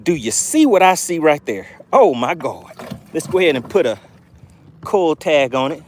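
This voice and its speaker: Excitable man streaming from a fishing boat. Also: fairly high pitch, normal speed, slight background noise. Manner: excitable, exclamatory, reads chat aloud. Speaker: fishing livestream host. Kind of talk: live fishing stream commentary. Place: on a boat outdoors.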